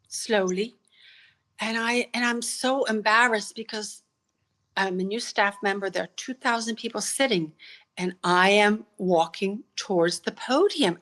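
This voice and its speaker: Deliver this as a woman guest recounting a personal story, with a bright, ringing tone pitched a little high. Tell it vividly and earnestly, and let words stumble and repeat when emotion takes over. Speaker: podcast guest.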